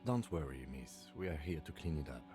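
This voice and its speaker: An actor voicing a gruff male detective in a game, low and gravelly. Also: animated, brisk, over music. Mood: reassuring.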